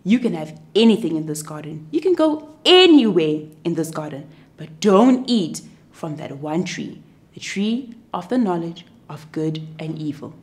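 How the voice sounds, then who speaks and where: A woman's voice: fairly low pitch, sing-song, unhurried. A woman doing God as a kindly storybook father. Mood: instructing. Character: God, a kindly male creator speaking.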